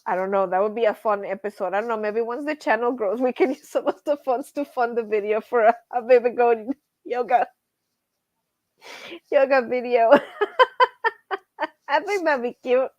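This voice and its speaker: A woman's voice: fairly high pitch, fairly quick, darkish tone, no echo, lo-fi sound. A middle-aged woman hosting a casual livestream, chatty, laughing often and greeting viewers from the chat. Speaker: livestream host.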